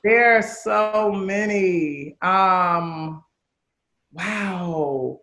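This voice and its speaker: A woman in her thirties, raised in Chicago, speaks as a guest in a relaxed interview. Her voice is bright and forceful, and she talks with open, animated candor, swearing without a second thought. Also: fairly low pitch, extremely slow. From Chicago, USA. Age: 30s. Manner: candid, animated, swears freely. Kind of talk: casual interview chat.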